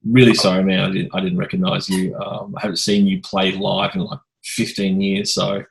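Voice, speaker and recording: A man hosting a podcast, telling a rambling, animated anecdote in casual chat. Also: sits low, normal speed, vocal fry, a little hiss or hum, rough recording. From Australia. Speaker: podcast host.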